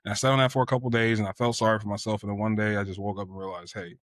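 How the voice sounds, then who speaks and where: Low-voiced man telling a candid story. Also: little pitch movement, rapid-fire, no echo, studio quality. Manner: candid and reflective, with filler phrases. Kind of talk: casual storytelling.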